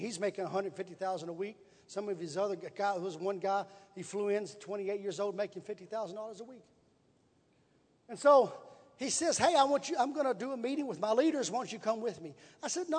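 This preacher's voice sits high and moves quickly, with a breathy edge. He spins a folksy story for his sermon, repeating himself and piling on emphasis, and the large hall around him adds a long reverb.

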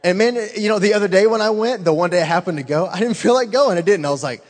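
A man giving an informal, earnest testimony to a church congregation, excitedly urging them on and filling his talk with "man". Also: high voice, fast, few pauses, long reverb tail.

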